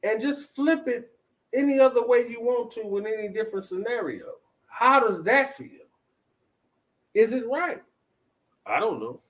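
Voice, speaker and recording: A man's voice: very high voice, lively intonation, unhurried, long pauses, a bit bright, rough recording. A man hosting a talk show, chatting casually and putting questions to his listeners. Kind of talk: casual commentary.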